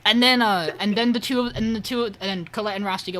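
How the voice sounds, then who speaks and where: Man, podcast co-host, bright voice, animated recap, swears a lot, remote call mic, faint hiss. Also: sits high, fast, few pauses. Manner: animated retelling, swears, quotes characters. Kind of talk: casual episode recap.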